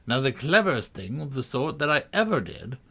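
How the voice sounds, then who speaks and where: A man's voice: medium pitch, big pitch swings, brisk, a bit bright, breathy edge, pitched above the performer's own voice, heavily acted. A man reading a storybook, voicing a clumsy, earnest old knight who rambles on solemnly about his inventions. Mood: earnest, rambling.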